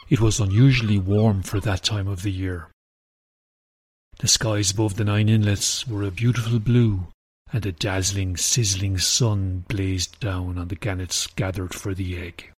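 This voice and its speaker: A man narrating a children's storybook in an even, gentle manner. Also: fairly low pitch, normal speed, husky, no room sound.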